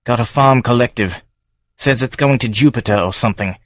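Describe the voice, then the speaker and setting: A man playing a gruff, irritable villager who talks bluntly and swears. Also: medium pitch, a little fast, no echo, studio quality, lightly acted. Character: gruff irritable male villager, worried about farms.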